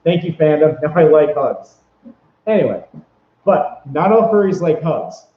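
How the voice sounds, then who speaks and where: A vlogger shares convention tips, rambling cheerfully and unhurriedly with lively intonation, lots of fillers, and restarts as he stumbles and circles back. His voice is a little high for a man, and the recording sounds roomy, echoey, dull, and lo-fi.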